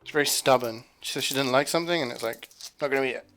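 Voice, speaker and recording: A man's voice: medium pitch, rapid-fire, a bit bright, faint music behind. A man streaming from his home kitchen, rambling casually to his chat as he cooks. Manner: rambling, chatty, talking to chat while cooking.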